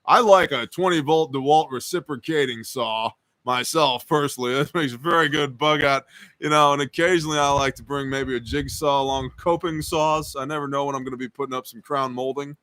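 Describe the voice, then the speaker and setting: A man's voice: medium pitch, a little fast, fairly bright tone, no echo. Joking man hosting a live Q&A. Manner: joking, casual, rambling. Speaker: host. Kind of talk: live stream Q&A, reading chat.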